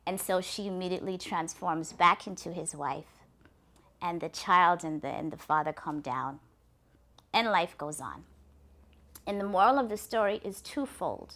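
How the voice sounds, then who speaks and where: A woman's voice: lowish voice, normal speed. Earnest woman storyteller. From Africa. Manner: earnest, lively narration with restarts. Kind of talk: oral folktale telling.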